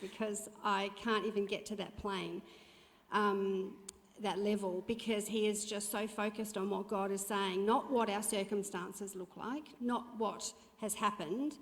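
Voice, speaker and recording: A middle-aged woman speaks in a chatty, heartfelt way, with plenty of small fillers. She sits at a middle pitch for a woman, and the long reverb of a church hall trails after her voice. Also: vocal fry. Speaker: church speaker sharing testimony. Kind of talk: church testimony talk. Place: church auditorium.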